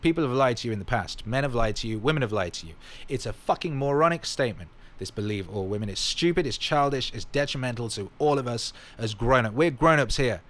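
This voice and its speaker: A man talking through a casual livestream Q&A, answering viewers' questions one by one. He is blunt and emphatic, swears freely, and keeps coming back to the same punchy catchphrases. His voice sits at an ordinary male pitch. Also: lively intonation, quick pace, hardly any pauses, fairly bright tone. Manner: repeats catchphrases.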